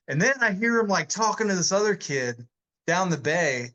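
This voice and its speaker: Bright, slightly high-voiced man in his forties, loose storyteller, laughs a lot, podcast guest. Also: sing-song, moderate pace, poor audio. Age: 40s. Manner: loose, rambling, laughs often, many fillers. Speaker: podcast guest, army veteran. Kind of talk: casual storytelling chat.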